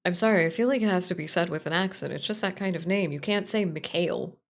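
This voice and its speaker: A woman's voice: fairly low pitch, quick pace. A woman streamer chatting casually during a game stream, loose, cursing and self-mocking.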